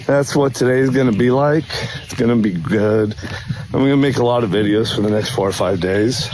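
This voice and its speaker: A man's voice: brisk, noisy background. Hyped-up man filming his own vlog. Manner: pumped-up, hype, jumpy pitch. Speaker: fitness influencer. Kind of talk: hype self-filmed vlog.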